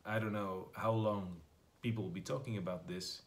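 A man giving a comic monologue in deadpan, darkly sarcastic tones, calling his viewers darlings. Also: on the low side, moderate pace, over loud music. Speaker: comedian. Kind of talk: comic monologue with a satirical song.

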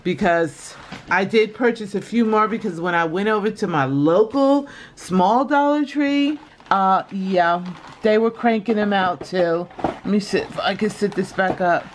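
A woman chatting casually in a shopping haul video, calling her viewers y'all and often breaking into high laughter. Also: a little slow, slight background noise. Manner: chatty and giggly, addresses viewers as y'all and you guys. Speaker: vlogger showing a shopping haul.

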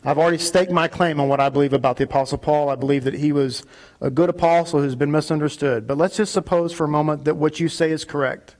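A man preaching a sermon in a synagogue, arguing emphatically and rising to loud peaks on key points. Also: fairly high pitch, quick pace. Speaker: rabbi.

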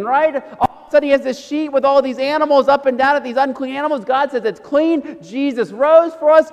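Pastor, male, high voice, casual storytelling sermon, echoing church. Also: moderate pace, hardly any pauses, a little mellow. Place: church sanctuary. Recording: church hall reverb.

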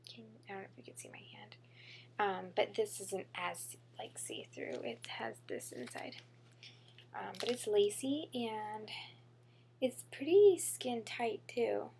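A woman's voice: medium pitch, sing-song, measured pace, gravelly, warm tone, breathy edge. A young woman chatting casually to camera in a haul vlog, bubbly and chatty, full of fillers and gushing about how cute things are. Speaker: beauty vlogger.

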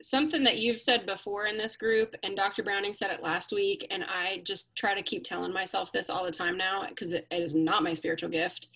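A woman hosting a casual live chat, candid and self-mocking, getting animated when she quotes herself. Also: mid-range voice, brisk, few pauses, husky, low-quality recording. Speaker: host.

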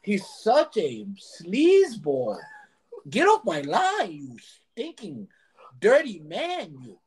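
A man's voice: sits high, wildly swooping pitch, takes it slowly, slightly rough, voice pushed up, exaggerated voice. A man imitating a sleazy male nightclub manager who mocks and insults the people in line. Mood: scornful. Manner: sneering, mocking the people in line.

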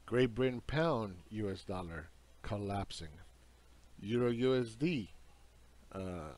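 A man's voice: fairly low pitch, animated, slow pace, a little mellow. A man lecturing on market charts in an emphatic, insistent and scornful way. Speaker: market commentary host.

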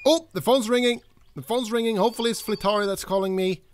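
A young man hosting a let's play, talking through his game, excitable and quick to swear and yell at the characters. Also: sits high. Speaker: gaming channel host.

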